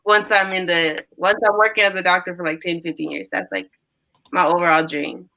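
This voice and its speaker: A young woman chatting casually, telling animated stories and acting out what people said. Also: lowish voice, a little fast, rough recording. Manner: animated storyteller, acts out quotes. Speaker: guest. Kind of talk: casual storytelling chat.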